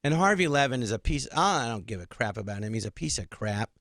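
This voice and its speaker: A man's voice: mid-range voice, very animated, fairly quick, a bit bright, no room sound. A man guesting as a comedian on a radio studio show, telling stories indignantly and acting out the exchanges he describes. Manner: indignant, rambling, acts out quoted exchanges. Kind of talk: animated storytelling in a studio interview.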